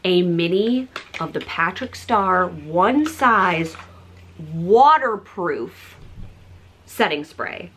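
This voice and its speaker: A woman in her thirties chatting breezily to camera as a beauty vlogger, full of "like" fillers and soft asides. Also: lowish voice. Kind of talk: casual chat showing products.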